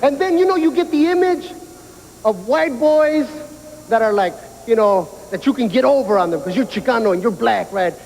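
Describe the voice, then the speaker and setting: A man doing stand-up comedy, telling animated stories and mimicking people. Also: extremely high pitch, moderate pace, in a large hall. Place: prison yard. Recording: noisy outdoor recording.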